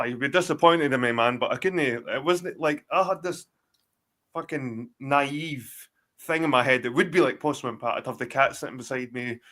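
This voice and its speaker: A man's voice: mid-range voice, a bit bright. A Scottish man in his forties, a guest in a casual chat, telling rambling, profane stories full of restarts over a video call. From Scotland. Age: 40s.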